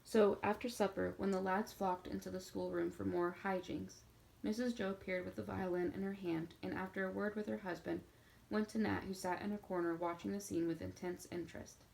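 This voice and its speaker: A woman narrating a classic children's novel in a steady, measured reading. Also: medium pitch, creaky, rough recording. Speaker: audiobook narrator. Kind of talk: storybook narration.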